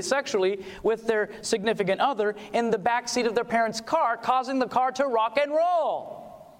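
Guy with a high voice teaching a christian music seminar, asks the crowd stuff, sings bits, big hall echo. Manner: animated, quizzes the audience, sings short examples. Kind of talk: lively seminar talk to a live audience. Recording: long reverb of a hall.

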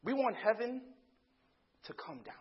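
High, husky preacher swinging loud to hushed. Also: male voice, big pitch swings, a little slow, lo-fi sound. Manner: dramatic swings from shouting to hushed; storytelling, acting out dialogue. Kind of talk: sermon.

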